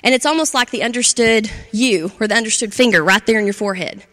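A woman with a fairly high voice gives an instructional talk on parenting to adults. She talks conversationally and often checks in with her listeners. The sound carries a long reverb, like a big hall. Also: moderate pace, pushed and bright. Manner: conversational, checks in with "right?" and "okay?".

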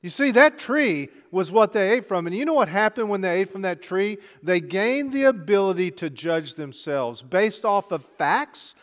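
A man preaching in a church, his voice fairly high for a man. He questions the congregation directly and breaks the tension with small jokes. A long reverb trails behind every phrase. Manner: conversational preaching, rhetorical questions, light joking. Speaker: pastor. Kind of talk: sermon.

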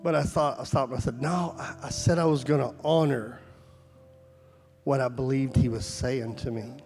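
A man's voice: medium pitch, steady tone, moderate pace, darkish tone, soft background music. A man preaching a sermon at a church service, telling a story and then pleading fervently with his listeners.

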